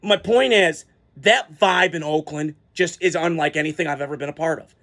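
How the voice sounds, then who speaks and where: A man with a fairly high voice vents about his football team in a loose, rambling way, full of ums and restarts. He gets excitable and swears freely as he talks it through. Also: moderate pace. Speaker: sports vlogger. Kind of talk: casual fan reaction rant.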